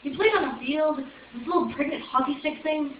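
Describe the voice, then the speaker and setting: A woman's voice: sits high, moderate pace, a little hiss or hum, voice pushed up, natural voice. A young woman putting on an Irish accent, teasing the crowd as a joking Irish woman who calls people sweetheart. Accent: put-on Irish. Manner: teasing crowd work, pet names. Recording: echoey room, far off, dull lo-fi.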